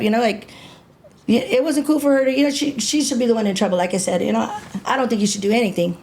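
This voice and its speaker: A middle-aged woman sits in as a guest and talks in a loose, streetwise way, swearing freely and acting out what she and others said. Her voice sits a little on the high side. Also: fast, a little mellow. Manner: blunt and profane, with lots of filler and self-quoting. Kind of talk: casual storytelling in an interview.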